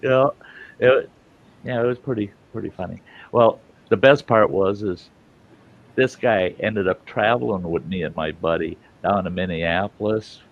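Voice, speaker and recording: A man with a low, gravelly voice spins a rambling, salty story in an easygoing, chuckling way. He sounds like a show host recounting a bar tale. The recording is dull and lo-fi. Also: moderate pace. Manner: rambling, profane, chuckling yarn-teller. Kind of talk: casual spoken anecdote.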